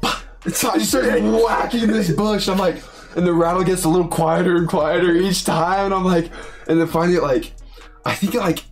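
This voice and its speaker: A man's voice: sits high, normal speed, faint music behind. A young man from Utah telling a story in a casual chat, acting out other people's lines and laughing often. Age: young adult. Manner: animated, acts out quoted voices, laughs often. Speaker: college football player, podcast co-host.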